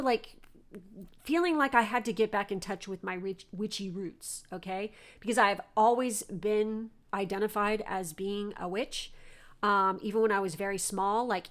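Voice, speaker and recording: A woman's voice: medium pitch, a bit bright. A woman from Southern California, telling a personal story to her podcast listeners in a rambling, chatty way full of fillers and the odd swear word. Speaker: podcast host. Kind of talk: casual storytelling monologue.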